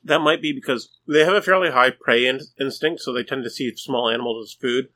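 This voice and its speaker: A man's voice: mid-range voice, brisk, bright, forceful tone. A man co-hosting a podcast, explaining things in casual chat. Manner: explanatory, informative. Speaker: podcast co-host.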